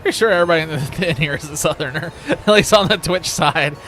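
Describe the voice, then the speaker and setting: A man's voice: fairly high pitch, brisk, a bit bright, a little hiss or hum. A man chatting casually while livestreaming a game, joking, rambling and laughing often. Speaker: streamer. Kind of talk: casual gaming livestream chat.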